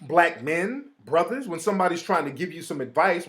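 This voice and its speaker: A man's voice: high voice, very animated, normal speed, hardly any pauses, a bit bright. A man hosting a show, talking casually in streetwise slang, mimicking other people as he makes his point. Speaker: host. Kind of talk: casual monologue.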